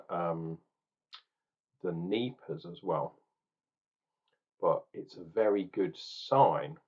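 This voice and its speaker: Husky, animated man reviewing beer. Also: deep voice, dull audio. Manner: chatty, thinking aloud with ums and restarts. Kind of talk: casual beer tasting vlog.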